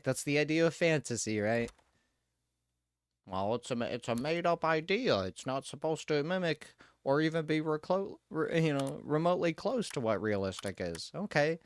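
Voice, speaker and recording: A man streaming a game live, ranting and swearing in casual chat as he plays. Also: fairly high pitch. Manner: ranting, swearing, quick laughs. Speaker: livestreamer. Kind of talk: casual gaming livestream chat.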